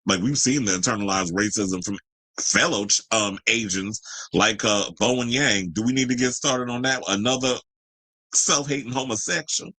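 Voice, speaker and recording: A man's voice: fairly bright tone, dry recording, poor audio. A man hosting a celebrity gossip podcast, reading the news and then breaking into brash, profane, sassy rants. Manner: brash, profane and sassy, jumping to high exclamations. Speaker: podcast host. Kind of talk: unscripted celebrity gossip commentary.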